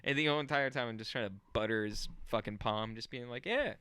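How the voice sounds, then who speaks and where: Bright-voiced young man, crude jokey banter. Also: mid-range voice, fast, clear, resonant tone. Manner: mocking, loud jokey riffs. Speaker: podcast co-host, stand-up comedian.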